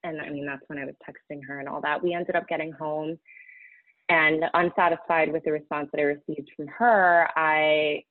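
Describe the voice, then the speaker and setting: A woman speaking candidly in an interview, halting and emotional, close to tears at times. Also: deep voice, fairly even intonation, no echo. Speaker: guest sharing a personal story. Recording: tinny phone-like audio.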